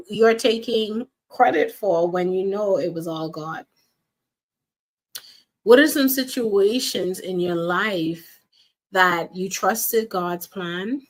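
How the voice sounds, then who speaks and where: A woman coach giving an earnest faith-based motivational talk, repeating key phrases and speaking straight to her listeners. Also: mid-range voice.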